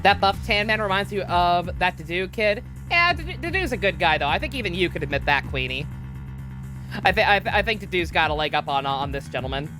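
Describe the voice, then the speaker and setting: A playful woman streamer talks over her game, and her pitch leaps around as she jokes and swears. Game music plays clearly underneath her. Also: animated, a little fast. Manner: playful, swears casually, laughs often. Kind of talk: casual let's-play chat with voice reading.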